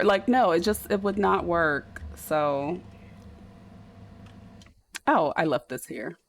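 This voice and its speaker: A woman's voice: lowish voice, slow, pauses often. Tired South Jersey woman streamer. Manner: chatty, rambling and loose, with slang. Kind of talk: casual chat.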